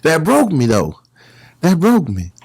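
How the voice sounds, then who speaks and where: Brief: male guest, casual storyteller, animated, slips into other people's voices, dry close mic. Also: fairly high pitch, unhurried, slightly rough, dry recording. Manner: animated, acts out the other voices in his stories.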